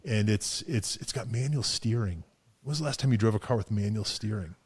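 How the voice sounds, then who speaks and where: A man's voice: fairly low pitch, brisk, darkish tone, husky. A man co-hosting a car show, chatting casually with lots of fillers, restarts and chuckles. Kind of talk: casual chat.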